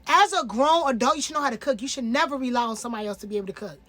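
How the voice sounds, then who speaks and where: A young woman in her twenties talks through a reality show in loose, casual commentary. Her voice sits high and bright in pitch. She leans hard into emphasis and slang, never sounding scripted. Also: very fast. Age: 20s. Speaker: reality TV reviewer.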